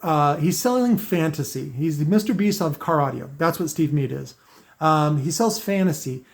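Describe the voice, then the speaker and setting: A man with a fairly high voice ranting straight to camera. He rambles, keeps restarting his sentences and leans into sarcasm as he talks to his viewers. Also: expressive, normal speed, gravelly. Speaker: car audio video maker. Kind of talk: unscripted rant to camera.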